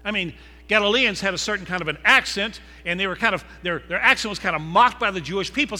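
A man preaching a sermon that retells a scripture story dramatically, moving between loud emphasis and hushed low passages. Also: fast talker. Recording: long reverb with faint music behind.

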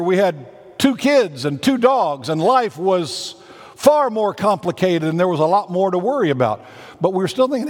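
Man preaching in an echoing hall. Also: high-pitched. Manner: conversational preaching with repeated phrases and rhetorical questions. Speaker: senior pastor. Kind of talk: sermon.

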